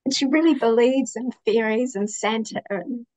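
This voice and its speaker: A woman in her thirties, a guest in an interview, speaking gently and with feeling about her life. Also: on the high side, moderate pace. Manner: gentle and heartfelt. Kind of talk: reflective interview conversation.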